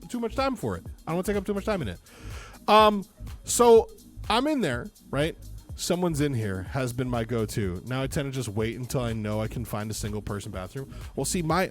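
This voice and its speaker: A male streamer rants through a story, fed up and swearing freely. His voice sits fairly high and leaps all over the place as he gets worked up. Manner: animated, exasperated, profane. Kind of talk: casual storytelling chat.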